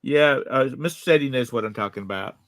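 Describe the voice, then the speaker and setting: A man's voice: mid-range voice, fairly quick, a bit bright, no echo. An older man hosting a casual political chat, rambling with fillers and chuckles. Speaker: host.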